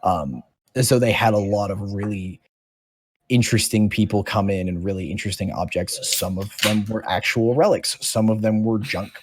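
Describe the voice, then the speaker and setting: A man's voice: low-pitched, husky. A man narrating as dungeon master in a casual, rambling way with many fillers. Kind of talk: narrating a tabletop game.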